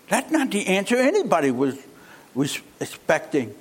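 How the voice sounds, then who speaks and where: A man's voice: sits high, huge pitch swings, normal speed, breathy edge. A man preaching a sermon, emphatic and fond of rhetorical questions.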